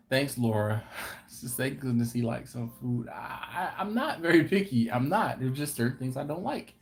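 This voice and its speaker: A man's voice: fairly high pitch, a little mellow. A man hosting a live-stream Q&A for his barbecue channel, telling stories at an easy pace and acting out what people said. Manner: unhurried, laughing storyteller who acts out quotes.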